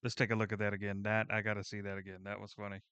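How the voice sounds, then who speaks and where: Excitable, rambling guy. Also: on the low side, very fast, smooth, no room sound. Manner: rambling, excitable, swears casually. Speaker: reaction video host. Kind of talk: casual reaction commentary.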